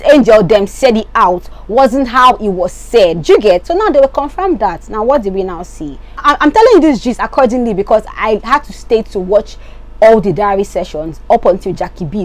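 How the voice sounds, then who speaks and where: A woman's voice: a little high, no echo. A woman, chatting casually as she recaps reality show gossip with lots of asides. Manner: chatty, animated, lots of "you get me".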